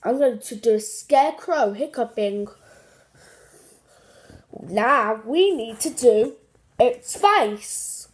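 A woman hosting a children's craft show, playful and animated, with gasps and giggles. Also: a little high, slow, pauses often. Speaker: host of a kids' craft show.

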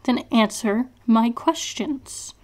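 A woman voicing a cold, menacing male interrogator who taunts in a calm, almost sing-song way. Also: fairly high pitch, takes it slowly.

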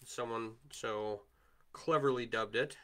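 Chatty Wisconsin man, bright voice. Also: medium pitch, slow. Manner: rambling, chatty, answers viewer comments. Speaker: livestream host, chainmail maker. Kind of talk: casual livestream chat while crafting.

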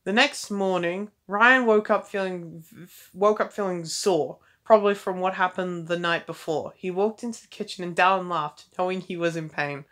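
Teenage girl, fanfiction reader, lowish voice, halting restarts, dry asides. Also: a bit bright, low-quality recording. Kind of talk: casual fanfiction reading with asides. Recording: faint background noise.

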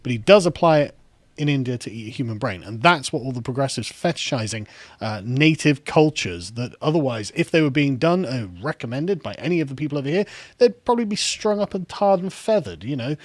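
A man's voice: medium pitch, lively intonation, a little fast, no room sound. A man, talking in a rambling, assertive way in a podcast discussion. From Britain.

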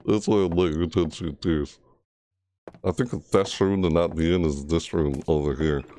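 A man's voice: very deep voice, steady tone, moderate pace, dark tone. A man commentating a horror game playthrough, frustrated and jumpy, scolding the game's characters and shrieking at scares. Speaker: gamer.

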